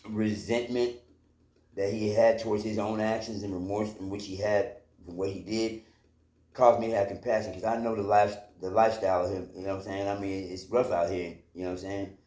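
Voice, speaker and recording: A man's voice: on the low side, little pitch movement, fairly quick, darkish tone. A man casually telling a personal story from his own life, rambling, with lots of fillers and swearing. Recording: roomy echo.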